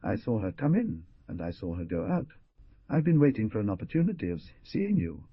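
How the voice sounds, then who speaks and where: A man's voice: fairly low pitch, big pitch swings, fairly quick, slightly rough, dry recording, heavily acted. A man voicing a desperate young society woman who pleads in a tremulous, imploring voice, with a dull lo-fi sound. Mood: pleading. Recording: dull lo-fi dry recording.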